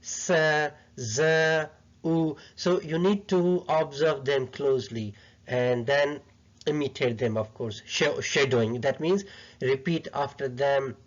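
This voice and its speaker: A man's voice: medium pitch, unhurried. A man who is not a native English speaker teaching a pronunciation lesson, coaching patiently and repeating his points. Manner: patient, repetitive coaching, non-native phrasing. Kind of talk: instructional lesson. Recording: dull lo-fi sound.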